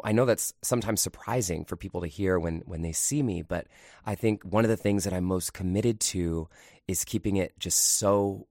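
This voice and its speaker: A man's voice: sits low, a little mellow, dry recording, studio quality. A man hosting a podcast, telling a personal story in a candid, confiding, conversational way. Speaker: podcast host.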